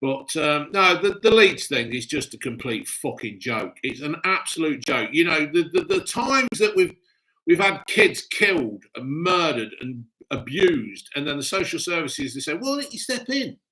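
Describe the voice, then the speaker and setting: Male streamer, foul-mouthed ranter, bright, forceful voice. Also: on the high side, lively intonation, normal speed. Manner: sweary, ranting, blunt. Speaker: livestream host. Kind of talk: casual live-stream chat.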